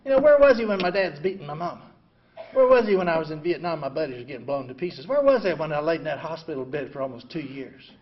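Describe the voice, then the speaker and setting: An older man in his seventies sharing his story at a recovery meeting. He is blunt and self-mocking, says "you know" constantly, and swings between quiet reflection and loud outbursts. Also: a little high, animated, quick pace. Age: 70s. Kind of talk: personal recovery talk. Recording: dull lo-fi recording.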